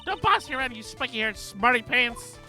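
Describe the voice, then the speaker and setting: A streamer voicing a nosy, loud elderly woman who scolds young people, over game music. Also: medium pitch, very animated, pitched above the performer's own voice. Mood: scolding. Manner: loud, scolding, talks fast. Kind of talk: voice acting a video game live.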